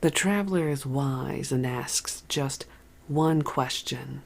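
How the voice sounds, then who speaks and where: The audiobook narrator voicing a blunt ex-convict man who talks in riddles, in a calm, measured way. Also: medium pitch, vocal fry.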